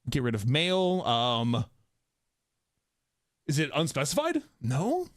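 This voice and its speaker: A man's voice: a little high, huge pitch swings, no room sound, clean studio sound. Laughing, jokey male streamer. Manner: jokey, quick to laugh, reacting aloud. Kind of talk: casual stream commentary and reading aloud.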